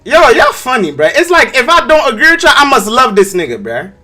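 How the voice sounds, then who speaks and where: Animated man arguing, bright high voice. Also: fairly quick. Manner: animated, argumentative, says "bruh" constantly. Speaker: stream co-host. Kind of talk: heated casual debate.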